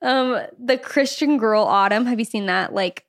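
A young woman with a high voice co-hosts a laid-back podcast. She talks with emphatic, ranting energy and keeps breaking into laughter. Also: normal speed. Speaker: podcast co-host. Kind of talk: casual chat.

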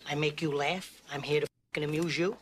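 An actor playing a menacing, hot-tempered gangster in a film scene, needling and profane. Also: male voice, fairly high pitch, steady tone, brisk, fairly bright tone, slight background noise, lightly acted.

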